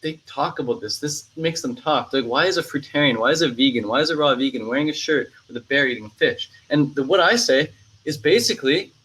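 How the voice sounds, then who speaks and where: A relaxed young man chats casually into the camera with an easygoing, slangy delivery. He keeps dropping "like" and "man" as he rambles from one thought to the next, at an everyday middle pitch. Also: brisk, husky, rough recording. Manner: laid-back, slangy, full of "like" and "man". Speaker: vlogger. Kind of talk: casual chat.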